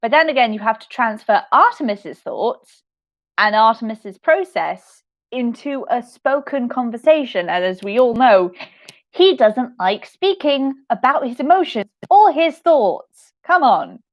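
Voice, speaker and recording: A woman's voice: on the high side, very animated, unhurried, highs cut off. A young woman writing an audio drama podcast, chatting casually through audience questions on a livestream with a giggly, self-deprecating manner.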